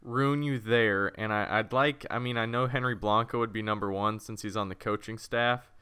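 A young man with a bright, crisp voice, recorded dry and close. He runs the conversation with a teasing, playful edge, moving things from topic to topic. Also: on the low side, fairly even intonation, normal speed, dry recording. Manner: teasing, steers the segments. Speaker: podcast co-host. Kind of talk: casual sports chat.

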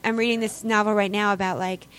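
A woman's voice: mid-range voice, flat delivery, fast, a bit bright. A woman hosting a casual podcast, chatting and joking with lots of "like". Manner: chatty and joking, with frequent fillers like "like". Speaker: podcast host.

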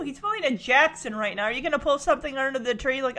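A woman chatters through a sitcom recap in a casual, gushing way. Her voice sits high and swoops widely as she giggles and plays out each character's lines. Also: lively intonation, fast, hardly any pauses, fairly bright tone. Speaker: TV episode recapper.

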